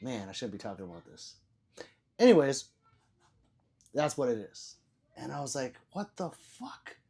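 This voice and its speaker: An older man hosting a livestream, reading chat aloud in a profane, rambling way, stammering and repeating words and swinging between loud bursts and low mutters. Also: expressive, normal speed, gravelly, breathy edge. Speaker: livestream host.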